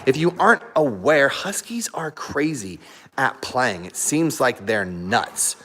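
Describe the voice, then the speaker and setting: A man's voice: medium pitch, expressive, slow pace, fairly bright tone. A man hosting a casual live stream from home, chatting to viewers, laughing often and breaking off to coax his dogs.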